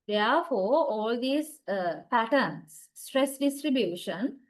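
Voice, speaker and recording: A woman's voice: fairly high pitch, expressive, slow pace, rough recording. A woman lecturing on English word stress, speaking English as a second language, with frequent "uh"s and regular checks like "right?" and "okay". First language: not English. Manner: frequent "uh" fillers and restarts. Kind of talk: recorded university lecture.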